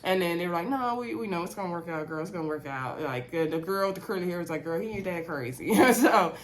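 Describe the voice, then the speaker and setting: A woman casually recapping a reality TV show, chatty and animated, with many fillers. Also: fairly low pitch, fast. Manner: chatty, animated retelling with lots of "um" and "y'all".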